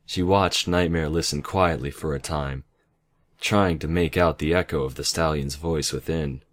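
A man calmly reading a fantasy story aloud in measured narration, over background music. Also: a bass voice. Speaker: story reader.

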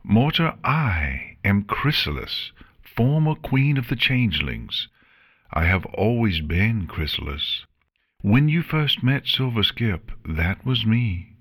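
A man voicing a soft-spoken female pony who pleads tenderly with the one she loves, in a storybook reading. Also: lowish voice, sing-song, slow pace, husky, no room sound, clean studio sound, pitched above the performer's own voice, exaggerated voice. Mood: pleading tenderly.

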